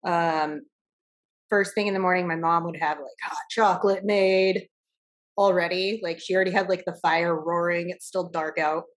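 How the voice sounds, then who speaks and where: A woman's voice: on the low side, steady tone, moderate pace. A young woman co-hosting a podcast in casual chat, chatty with frequent laughs and fillers. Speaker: podcast co-host.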